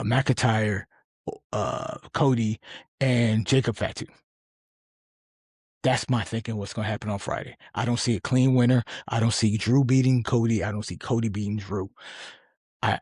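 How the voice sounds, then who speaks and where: Opinionated middle-aged man, husky voice. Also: mid-range voice, dry recording, clean studio sound. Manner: opinionated, rambling, animated. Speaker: podcast host. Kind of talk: casual sports commentary.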